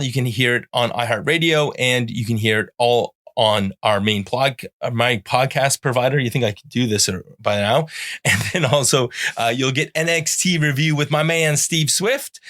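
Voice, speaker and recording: A middle-aged man from Canada hosts a relaxed podcast, his voice sitting at an ordinary middle pitch. He rambles loosely through the rundown and the show plugs and jokes with his guest. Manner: rambling plugs, playful sound-effect buzzers. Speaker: podcast host. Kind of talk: casual podcast chat.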